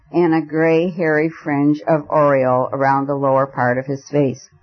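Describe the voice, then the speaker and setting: A man narrating a story aloud as an audiobook reader, in a measured, expressive way. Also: a little high, lo-fi sound. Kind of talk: scripted narration.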